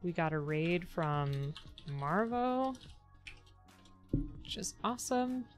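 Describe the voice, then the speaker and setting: Casual woman streamer, lower voice, chatty and upbeat, faint music under her. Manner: chatty, upbeat, thanks viewers warmly by turns. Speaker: live-streamer building model kits. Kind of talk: casual live-stream chat.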